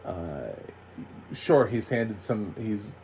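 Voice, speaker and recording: A man's voice: lowish voice, lively intonation, extremely slow, a little mellow, slight background noise. A man giving a casual, rambling TV recap, sarcastic, with lots of fillers and restarts. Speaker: TV recap reviewer. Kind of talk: casual spoken review.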